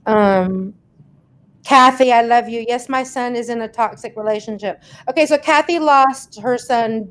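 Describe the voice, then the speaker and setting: Woman, fairly high voice, chatty livestream host, reads viewer comments, laughs often. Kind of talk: casual live chat.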